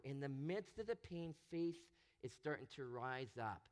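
A man preaching a sermon, animated and expressive, acting out the voices he quotes. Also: fairly high pitch, normal speed, hardly any pauses. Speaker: pastor.

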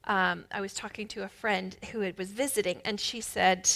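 Bright-voiced woman preaching emphatically. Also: medium pitch, fairly even intonation, normal speed, creaky. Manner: emphatic, builds to loud bursts. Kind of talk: sermon.

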